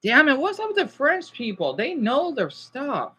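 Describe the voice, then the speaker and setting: A man chatting casually on a livestream, answering viewers, rambling and excitable with lots of restarts and exclamations. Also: very high voice, normal speed. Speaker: YouTuber.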